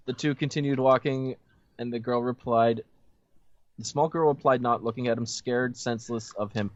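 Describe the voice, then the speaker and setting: A man's voice: mid-range voice, fairly even intonation, normal speed, dry recording. Young man reading a story aloud, lo-fi. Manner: reads aloud, breaks off to joke and laugh. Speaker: reader of fanfiction. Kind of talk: comedic dramatic reading with banter.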